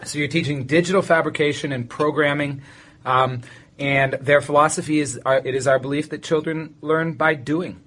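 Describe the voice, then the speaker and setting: A man's voice: a little high, steady tone, normal speed, a bit bright. Joking Canadian podcast host, man. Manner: joking, playful, puts on silly voices. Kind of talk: casual chat.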